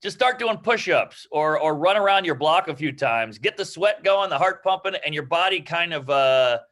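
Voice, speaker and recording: A man's voice: on the high side, expressive, normal speed, fairly bright tone. A man, a stand-up comedian, giving brash, self-mocking advice to a class in casual, profane chat. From New York. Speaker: guest comedian.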